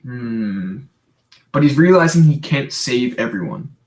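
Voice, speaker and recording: Young man, livestream host, tired, rambling casual chat, lots of restarts, medium pitch. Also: expressive, measured pace, a little mellow. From Canada. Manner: rambling, chatty, frequent restarts and fillers. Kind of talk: casual livestream chat answering viewer questions.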